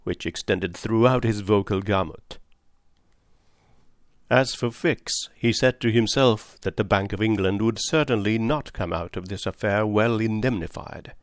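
A man narrating a classic adventure novel aloud in a steady, measured way. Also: fairly low pitch, dry recording, clean studio sound. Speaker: audiobook narrator. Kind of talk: scripted narration.

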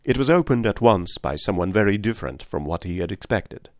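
A low-pitched man narrates a classic novel at a measured storytelling pace. The recording is close and very dry, with no room reverb. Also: animated. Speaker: audiobook narrator. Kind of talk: scripted narration.

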